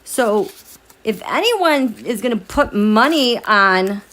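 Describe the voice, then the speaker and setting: This is a woman with a fairly high voice running a casual tarot livestream from home late at night. She talks to her viewers in a chatty, animated way, laughs often, and reads their comments aloud. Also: slow pace.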